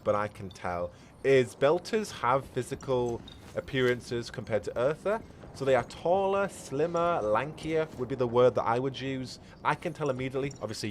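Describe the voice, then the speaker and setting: A game streamer with a mid-range voice gives chatty live gameplay commentary, reading chat aloud and answering viewers. There's a little hiss or hum in the audio.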